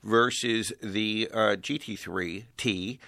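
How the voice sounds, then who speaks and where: A man in casual podcast chat who talks in a grumpy way, with halting restarts. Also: fairly low pitch, steady tone, creaky, sharp tone, no echo.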